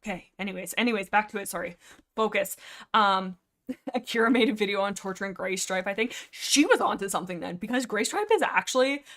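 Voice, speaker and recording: A woman's voice: medium pitch, lively intonation, fairly quick, fairly bright tone. A young adult woman hosting a casual book discussion livestream from home on a desk microphone, rambling, getting heated and laughing often. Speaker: livestream host.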